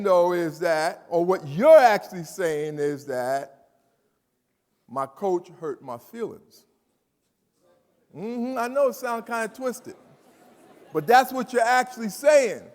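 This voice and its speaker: A man's voice: sits high, unhurried. Emphatic man talking in a big hall. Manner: animated and emphatic, repeats phrases, asks the audience questions. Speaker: speaker addressing students. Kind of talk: motivational talk to a live audience. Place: large hall. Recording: reverberant hall.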